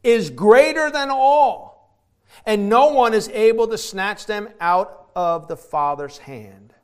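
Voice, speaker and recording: A man preaching a sermon, emphatic, moving from hushed reflection to shouted declarations. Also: high voice, expressive, slow pace, clear, resonant tone. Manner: emphatic, swings from quiet to shouting.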